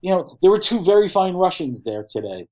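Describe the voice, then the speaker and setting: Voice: medium pitch, big pitch swings, brisk, mellow, highs cut off. Blunt, profane middle-aged political ranter. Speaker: podcast co-host. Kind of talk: political commentary chat.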